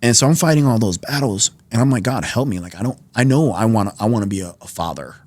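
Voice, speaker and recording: Animated young man telling his story. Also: lowish voice, fast talker, dry recording. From New York. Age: 20s. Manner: animated storyteller, acts out quoted dialogue, many fillers. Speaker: podcast guest. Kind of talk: personal testimony in casual conversation. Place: podcast studio.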